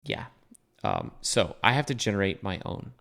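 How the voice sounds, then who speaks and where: A man's voice: fairly low pitch, wildly swooping pitch, moderate pace, gravelly, a bit bright. A young man talking casually through a coding tutorial while sharing his screen, thinking aloud with fillers and self-corrections. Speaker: web developer teaching a coding tutorial.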